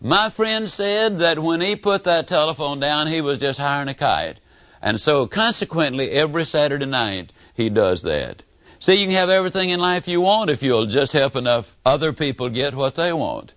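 A man's voice: fairly high pitch, normal speed, no room sound. An older man from Mississippi with a Southern accent, giving a motivational speech full of folksy stories and acted-out quotes. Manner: animated storytelling with folksy humor and acted-out quotes. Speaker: motivational speaker. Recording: dull lo-fi audio.

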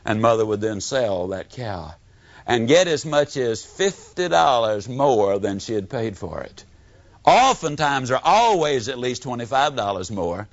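An older motivational speaker from Mississippi talks at an unhurried pace in a medium-pitched voice with a Southern accent. His speech is packed with folksy stories, humor, and animated, acted-out quotes, heard on a dry, dull lo-fi recording.

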